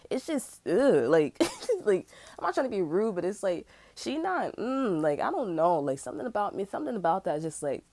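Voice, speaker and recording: A woman's voice: medium pitch, very animated, quick pace, hardly any pauses, a little mellow, no echo. A young woman giving a casual pick-a-card tarot reading, rambling and slangy, cursing freely and getting heated when she vents. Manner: rambling, profane, slangy, heats up when ranting. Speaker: tarot reader.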